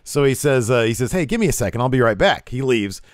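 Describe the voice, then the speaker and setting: Male co-host, lively swooping delivery, dry booth sound. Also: fast talker, dry recording. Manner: animated, jumps into high voices when quoting wrestlers. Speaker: wrestling podcast co-host. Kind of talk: casual show recap chat.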